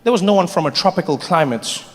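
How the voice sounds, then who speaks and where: A man from Africa performing an animated stand-up comedy routine, acting out voices as he tells stories. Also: on the high side, quick pace. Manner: animated storytelling with acted-out voices. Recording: live hall with audience. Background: audience laughter.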